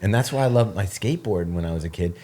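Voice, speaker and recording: A man in his forties, co-hosting a podcast, telling stories in an animated way with plenty of laughs. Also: low voice, quick pace. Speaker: podcast co-host. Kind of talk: casual chat.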